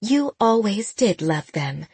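A woman voicing an elderly aunt who is brisk, blunt and fussing in an audiobook. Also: medium pitch, sing-song, darkish tone, breathy edge, dry recording, heavily acted.

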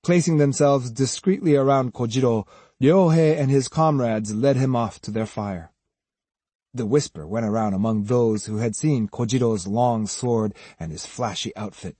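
Husky-voiced man narrating a novel. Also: medium pitch, warm tone, no room sound. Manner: measured storytelling, voices each character. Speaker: audiobook narrator. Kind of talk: scripted narration.

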